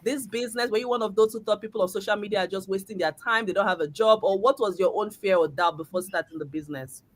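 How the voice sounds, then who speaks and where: A woman's voice: medium pitch, quick pace. A woman hosting a casual conversation about business, upbeat and exclamatory. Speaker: host. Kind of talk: casual chat.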